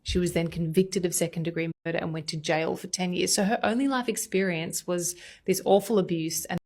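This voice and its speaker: TV journalist, female, Australian accent, earnest delivery, slightly low pitch. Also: steady tone, brisk, a little mellow. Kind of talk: calm TV interview narration.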